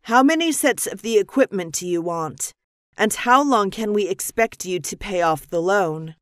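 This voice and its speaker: Woman, lesson dialogue reader, measured and crisp, mid pitch, dry close recording. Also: dry recording. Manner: measured, even, clearly articulated reading. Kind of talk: scripted business dialogue reading.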